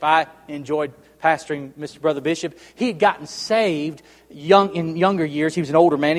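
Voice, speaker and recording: A high-pitched middle-aged man preaches a revival sermon, his voice ringing out in a church sanctuary with a long, trailing reverb. He swings from loud, emphatic proclamation to hushed intensity. Between passages he jokes with the congregation and calls for amens.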